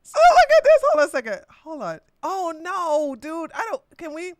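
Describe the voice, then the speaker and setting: A woman's voice: very high voice, wildly swooping pitch, moderate pace, dry recording. A woman hosting a livestreamed political commentary podcast, talking in a combative, mocking way with frequent laughter. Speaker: podcast host.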